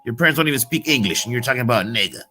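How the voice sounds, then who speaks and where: A man's voice: mid-range voice, expressive, racing, pushed and bright, soft background music. A man delivering a heated, profane, slangy monologue as a motivational vlogger. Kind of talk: casual ranting monologue.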